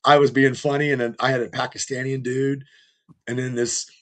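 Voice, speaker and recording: A man with a rough, strained voice, hosting a podcast and telling long, rambling, profane stories in casual chat. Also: mid-range voice, little pitch movement, fairly quick. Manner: rambling storyteller, heavy swearing. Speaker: podcast host.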